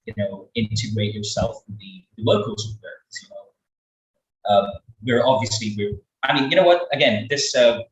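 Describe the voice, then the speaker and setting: A man with an expressive mid-range voice talks at a moderate pace in a webinar on English accents, rambling with plenty of fillers and repeated words. He's recorded far from the microphone in an echoey space.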